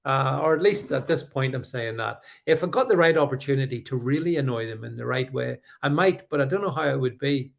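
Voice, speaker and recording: Reading out viewer comments on his live stream, this middle-aged host is combative and sarcastic, stumbling through fillers and restarts. He speaks at medium pitch, fairly quickly, with a creaky voice and few pauses.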